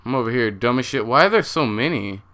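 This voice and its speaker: A man's voice: medium pitch, lively intonation, quick pace, heavy background noise. A young man hosting a horror game playthrough, jumpy and swearing a lot as he talks to his viewers. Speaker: gaming channel host.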